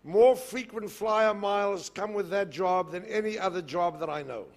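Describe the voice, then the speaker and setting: An older man with a South African accent, giving a public lecture and telling anecdotes with lively storytelling. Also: high-pitched, moderate pace. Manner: storytelling, animated in jokes. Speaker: guest speaker. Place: lecture hall podium.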